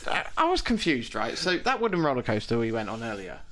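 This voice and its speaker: A man's voice: mid-range voice, wildly swooping pitch, pushed and bright. Guy on a live stream, jokey and teasing, rambles a bit. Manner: playful, teasing, quick rambling. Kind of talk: casual chat.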